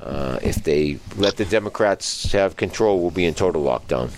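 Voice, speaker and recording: A man's voice: low voice, expressive, moderate pace, noisy background. A man co-hosting a casual talk show, speaking in an opinionated, emphatic way and often repeating his points. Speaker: co-host. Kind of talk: casual political chat and joke telling.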